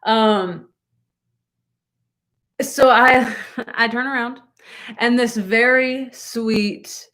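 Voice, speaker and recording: A woman's voice: fairly high pitch, steady tone, very slow, pauses often, a bit bright. A young woman vlogger telling a rambling story to her viewers with lots of asides and laughter.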